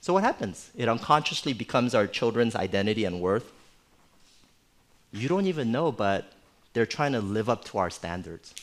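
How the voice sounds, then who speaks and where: A middle-aged man preaching a sermon in a church, conversational and animated, with playful asides. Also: on the low side, normal speed. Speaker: pastor.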